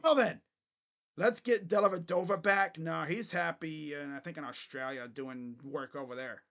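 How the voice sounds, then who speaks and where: A young man hosting a casual live basketball reaction, joking bluntly and crudely with sudden loud bursts. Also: on the high side, normal speed, gravelly. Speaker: sports channel host. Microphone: webcam setup.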